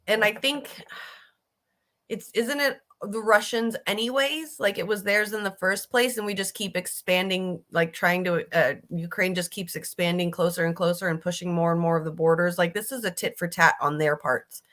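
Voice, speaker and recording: A woman's voice: on the low side, fairly even intonation, moderate pace, fairly bright tone. A woman giving casual, blunt political commentary, emphatic and swearing freely, often restarting her sentences. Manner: restarts and fillers, riled up.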